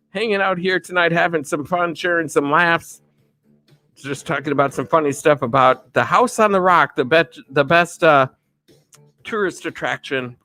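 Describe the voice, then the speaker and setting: Upbeat, slightly tipsy male streamer. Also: high voice. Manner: upbeat, rambling shout-outs to viewers. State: a bit tipsy. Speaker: livestream host. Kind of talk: casual live-stream chat.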